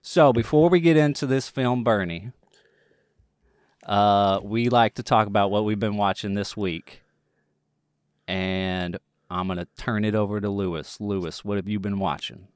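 A man's voice: on the low side, unhurried, smooth, dry recording, studio quality. A man from East Texas hosting a podcast in a folksy East Texas accent, with casual chat. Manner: folksy, plays up a Texas drawl. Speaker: podcast host.

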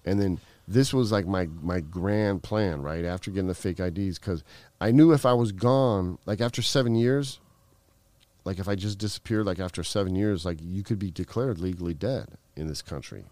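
A middle-aged man tells his story in a loose, rambling way, peppered with swearing and filler words. His voice sits very low, and the recording is dry with no room sound. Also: normal speed, darkish tone, no room sound. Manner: rambling, profane, heavy fillers. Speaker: guest. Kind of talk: casual storytelling.

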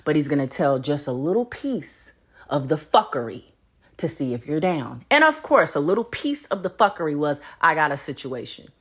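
A woman hosting a casual solo podcast, blunt and profane, laughing between points as she swings from loud emphasis to low muttering. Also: big pitch swings, normal speed, husky. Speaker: podcast host.

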